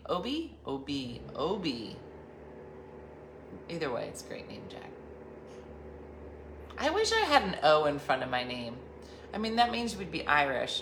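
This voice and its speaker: A woman's voice: low voice, a bit bright, a little hiss or hum. A woman host telling a rambling, jokey story in casual chat. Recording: roomy echo with faint ambience.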